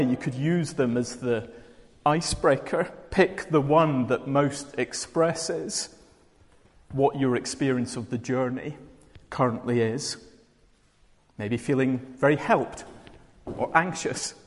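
Scottish male preacher, mid-pitched, wry and conversational, long hall echo. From Scotland. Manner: conversational, dry humour. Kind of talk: sermon.

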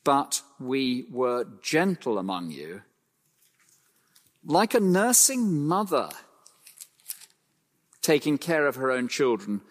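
A man preaching an expository sermon, emphatic, slowing to stress phrases and swinging his pitch widely. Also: very animated, big-room sound.

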